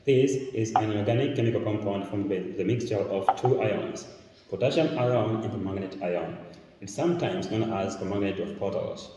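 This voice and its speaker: A man's voice: lowish voice, moderate pace, noisy background. A man with a Tanzanian accent, explaining a chemistry lesson step by step as he demonstrates experiments. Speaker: chemistry teacher. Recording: echoey room, mic far off.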